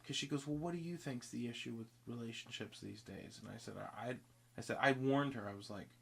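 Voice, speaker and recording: A man's voice: mid-range voice, a little fast, vocal fry, a little hiss or hum. A man telling a long story in casual podcast chat, rambling and restarting, acting out both sides of the conversation. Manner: rambling, self-interrupting, acts out both sides of dialogue.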